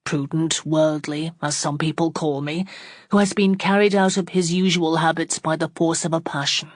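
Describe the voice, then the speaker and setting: Low-voiced proud young suitor, read by a woman, cool and formal, dry close sound. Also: fairly even intonation, no echo. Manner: measured, formal speech.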